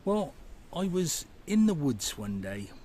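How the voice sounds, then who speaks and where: A man's voice: fairly high pitch, big pitch swings, slow, warm tone, slight background noise. A man narrating a walking history vlog outdoors by a river, enthusiastic and marvelling. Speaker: walking vlogger. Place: outdoors by a river and woodland path.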